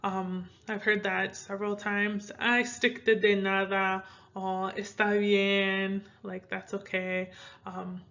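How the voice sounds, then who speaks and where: A young American woman from Minnesota gives a casual Spanish lesson, talking in a chatty, rambling way with many fillers. Her voice sits at a middle pitch for a woman, and her Midwestern accent is easy to hear. The recording sounds a little dull and lo-fi. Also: flat delivery, slow, a bit bright. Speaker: Spanish teacher.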